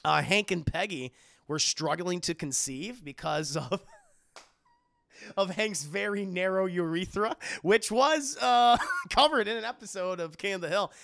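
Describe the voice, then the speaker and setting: A man's voice: sits high, measured pace, creaky, a bit bright, no room sound. A young man streaming and chatting casually with his viewers, rambling, laughing often and swearing. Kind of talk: casual chat with live chat.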